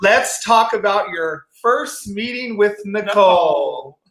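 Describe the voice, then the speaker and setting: Co-host, male, high and bright tone, slow, lively prompting. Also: echoey room.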